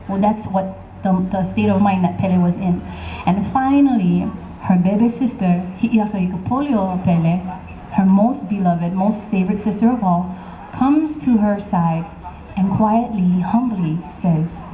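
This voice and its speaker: A woman tells a legend to a live crowd, chatty and teasing. Her voice is mellow and warm. It echoes across an open-air stage with faint ambience behind. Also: medium pitch, normal speed, slight background noise. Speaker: storyteller. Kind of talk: live oral storytelling to an audience. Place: outdoor concert stage. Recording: echoey outdoor stage sound.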